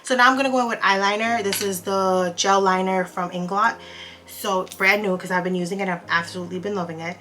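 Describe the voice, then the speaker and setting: A woman beauty vlogger telling a story in a casual, animated and exasperated way while she does her makeup. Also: medium pitch, a little fast, slight background noise.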